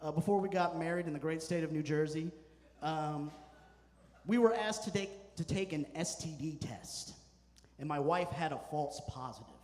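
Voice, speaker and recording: A male stand-up comedian tells stories in a deadpan way, hitting his punchlines hard. His voice sits a little high. The handheld mic picks him up in a club with a long, ringing reverb. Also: moderate pace. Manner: deadpan storytelling with punchy asides.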